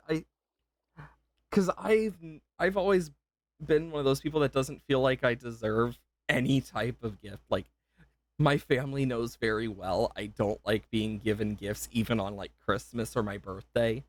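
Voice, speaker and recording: A man's voice: mid-range voice, fairly even intonation, moderate pace, no room sound. A young man livestreaming a game, emotional and gushing, rambling with self-interruptions and repeated thanks. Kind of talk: live gameplay stream chat.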